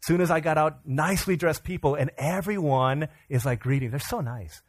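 A man preaching as a pastor, telling a lively personal story during a sermon and acting out the lines of the people in it. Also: fairly high pitch, fairly quick, dry recording. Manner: animated storyteller, acts out other people's lines. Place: church sanctuary.

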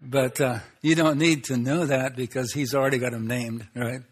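A man's voice: medium pitch, fairly even intonation, moderate pace. A man preaching a sermon, folksy and conversational, with rhetorical questions and frequent chuckles. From Swedish Lutheran background. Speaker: pastor.

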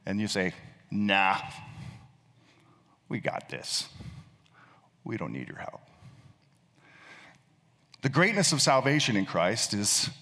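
A man's voice: medium pitch, fairly bright tone. A male pastor preaching a sermon, telling a story and often repeating words as he thinks. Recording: long reverb of a large hall.

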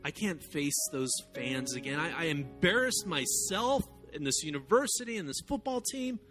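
A man playing a tearful young football player who pleads in a low voice. Soft guitar music plays behind him. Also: animated, normal speed, close to an everyday voice. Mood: ashamed.

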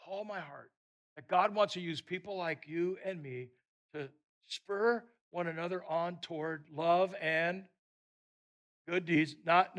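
A man preaching a sermon, telling a personal story in a lively way and often repeating words. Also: fairly high pitch.

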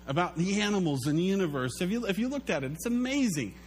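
A man preaching a sermon as pastor, telling stories in an animated way and acting out the quotes. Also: high-pitched, fast talker, slight background noise. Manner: animated storytelling, acts out quotes.

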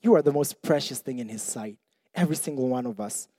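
A man's voice: mid-range voice, lively intonation, fairly quick, mellow, dry recording, clean studio sound, in a large hall. A young man preaching a sermon in a conversational, self-deprecating way, often restarting his sentences.

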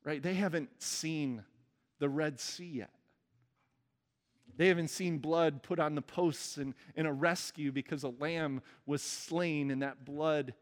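A man's voice: a little high, in a large hall. A male pastor delivering an earnest sermon and leading a prayer. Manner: earnest preaching, soft prayerful close.

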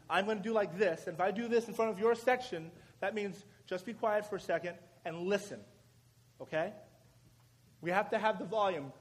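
High-voiced man preaching to a congregation. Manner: energetic, directive, rising to shouted commands. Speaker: preacher leading a prayer meeting. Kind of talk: sermon and call-and-response chant leading. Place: church or prayer meeting hall. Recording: live room with crowd and background noise.

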